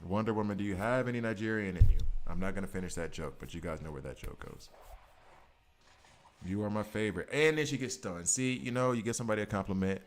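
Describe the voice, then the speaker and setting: Deep-voiced man chatting on a game stream. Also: fast talker. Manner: chatty, joking, talks to chat. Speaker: gaming streamer. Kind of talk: casual live-stream commentary.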